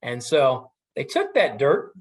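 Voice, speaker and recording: A middle-aged man telling a traditional story in a relaxed, conversational way, with asides and fillers. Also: mid-range voice, slow pace. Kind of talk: casual oral storytelling.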